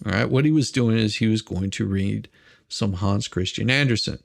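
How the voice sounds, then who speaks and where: A man's voice: lowish voice, moderate pace, creaky. A man hosting a livestream, riffing in a rambling, mocking way, laughing and repeating himself. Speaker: livestream host reacting to court drama. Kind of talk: casual commentary.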